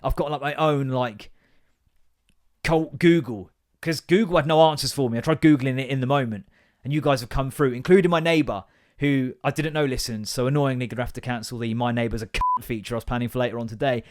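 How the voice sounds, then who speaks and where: A man's voice: mid-range voice, a little fast. A man, hosting a casual comedic podcast monologue in a rambling, swearing, self-mocking way. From England. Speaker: podcast host.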